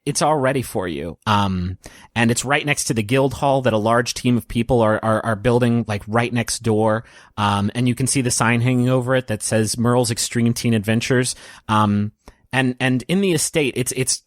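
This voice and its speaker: A man's voice: mid-range voice, dry recording. A man narrating a tabletop game as game master, casual and easygoing. He chuckles and restarts often. The recording is dry and close. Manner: casual, with many fillers and chuckles.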